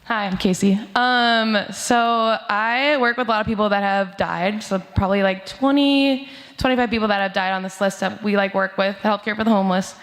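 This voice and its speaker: A woman's voice: mid-range voice, steady tone, moderate pace, a bit bright. A young woman outreach worker sharing a casual, laughing memorial story, full of likes and asides, at a church service. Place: church sanctuary. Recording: echoey church hall over speakers.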